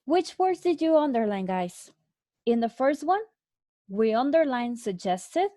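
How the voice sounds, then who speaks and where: A woman teaching an English lesson, explaining answers slowly and clearly with repeated examples. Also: on the high side, big pitch swings, mellow, no echo. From Mexico. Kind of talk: recorded online English lesson.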